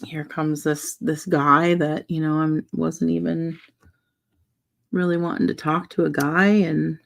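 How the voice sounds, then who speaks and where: Young woman vlogger, soft-spoken rambling chat over a craft project, slow with some vocal fry. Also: low-pitched, flat delivery. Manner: rambling, soft-spoken, frequent fillers and restarts. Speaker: vlogger building a wooden puzzle. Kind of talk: casual chat while crafting.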